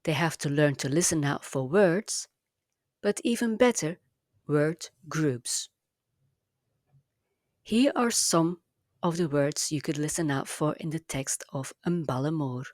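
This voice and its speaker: A woman with a low, steady voice explains a language lesson at an unhurried pace, pronouncing each word with care. The sound is close and dry, with no room around it. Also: dry recording. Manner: slow, careful, clearly enunciated teaching delivery. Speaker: language teacher. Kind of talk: scripted language lesson narration.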